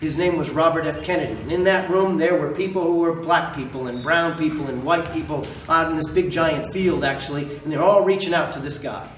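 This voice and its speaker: A man's voice: fairly high pitch, fairly quick, few pauses, reverberant, recorded from a distance, a little hiss or hum, low-quality recording. A man running for governor, giving an impassioned campaign speech to a committee and repeating lines for emphasis. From Maine. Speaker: political candidate.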